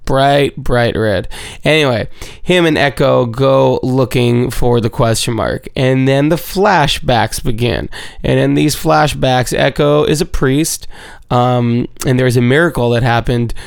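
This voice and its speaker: A man's voice: mid-range voice, a little slow, gravelly, clean tone, no room sound, clean studio sound. A man giving a casual, rambling episode recap, full of swearing and playful repetition.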